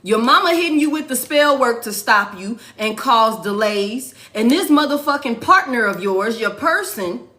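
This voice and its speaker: A woman's voice: a little high, animated, normal speed, few pauses, bright, forceful tone. A woman giving a casual tarot reading, blunt and profane, repeating lines for emphasis. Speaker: tarot reader.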